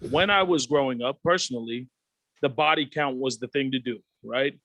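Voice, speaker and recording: A man in his thirties, a podcast guest, telling candid stories in a profane, animated way and acting out the voices of his friends. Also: mid-range voice, moderate pace, rough recording. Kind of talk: candid storytelling.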